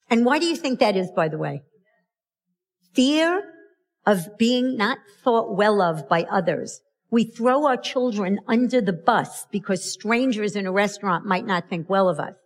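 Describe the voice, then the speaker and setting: Middle-aged woman, parenting speaker, slow and emphatic, acts out quotes in her stories. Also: medium pitch, animated. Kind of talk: motivational talk to an audience.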